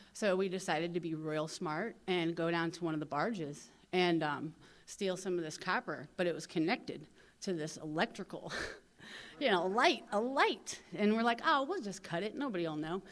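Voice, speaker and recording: A woman in her thirties with a St. gives a personal recovery testimony at a convention. She talks candidly in a slightly low voice and tells her story in an animated way, leaning on "you know" as she goes. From St. Louis, USA.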